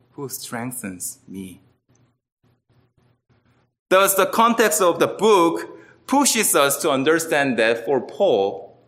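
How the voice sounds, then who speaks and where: Slow, bright-voiced man preaching. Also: on the high side. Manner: earnest, emphatic, with wide swings between loud and quiet. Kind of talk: sermon.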